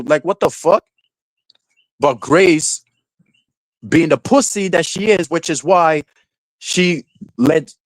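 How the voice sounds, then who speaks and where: A young man streaming live who rants and swears, mocking people in a high falsetto now and then. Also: no echo, rough recording. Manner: ranting, profane, mocking, falsetto mimicry of quotes. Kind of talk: casual live-stream rant.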